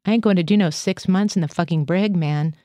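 A woman's voice: on the low side, brisk, dark tone, no room sound, studio quality, lightly acted. A woman reading the lines of a scruffy young male Marine who has gone AWOL, slangy and profane. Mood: loose.

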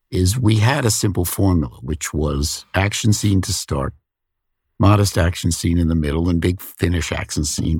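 A man hosting an interview, speaking in a measured, reflective way on a close studio mic. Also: sits low, darkish tone, husky, no echo. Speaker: host. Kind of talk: conversational interview.

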